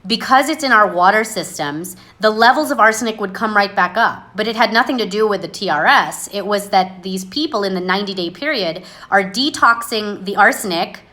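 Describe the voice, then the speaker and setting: A woman speaking on a phone livestream, blunt and sarcastic, standing by what she says. Her voice is bright and forceful, and her pitch sits in a middle range. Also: a little fast, hardly any pauses. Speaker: livestream host. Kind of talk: casual livestream monologue.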